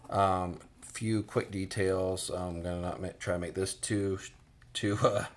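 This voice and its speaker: Low-voiced rambling American man. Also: steady tone, unhurried. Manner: rambling, many fillers and restarts. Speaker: boot reviewer. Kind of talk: casual product review.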